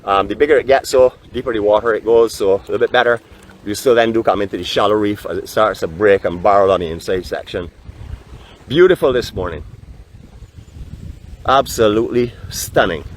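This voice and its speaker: Faint wind and a camera mic with no external microphone frame this live outdoor vlog. A Barbadian host on a raft off the beach talks a little fast in a lowish voice, chatting in a friendly, tour-guide manner.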